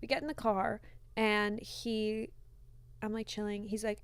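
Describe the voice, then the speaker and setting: Young woman telling a story, smooth voice. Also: a little high, a little slow, dry recording. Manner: animated storyteller, acts out quotes. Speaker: podcast co-host. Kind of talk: casual storytelling chat.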